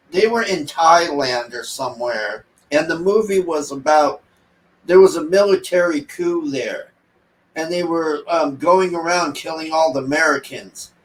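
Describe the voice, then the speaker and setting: A man with a slightly high voice rambles through a casual movie review, exasperated and sarcastic as he mocks the characters. He's recorded off-mic from a distance in an echoey room.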